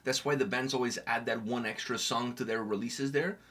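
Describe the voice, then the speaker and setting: A man's voice: mid-range voice, fairly even intonation, a little fast, a bit bright. A man co-hosting a reaction video in casual chat, joking and swearing freely.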